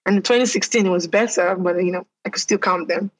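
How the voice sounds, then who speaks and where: A woman from Nigeria, an entrepreneur, speaking as a podcast guest in a measured, thoughtful way. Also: lowish voice, a little hiss or hum, poor audio. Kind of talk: casual interview.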